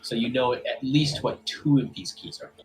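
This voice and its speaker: A man running a tabletop game as game master, talking in a relaxed way with many fillers. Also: medium pitch, moderate pace, faint music behind, low-quality recording.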